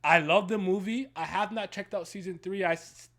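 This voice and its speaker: On a casual stream, a young male co-host speaks in a high, bright, pushing voice. He gets hyped fast, with loud bursts, swears freely, and laughs often between his points.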